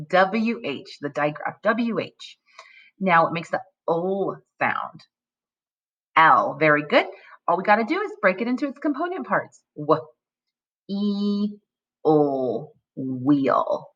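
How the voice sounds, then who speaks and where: A woman teaching a phonics lesson to young children in a slow, sing-song teacher voice, prompting them with questions. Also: fairly low pitch, fairly bright tone, lo-fi sound.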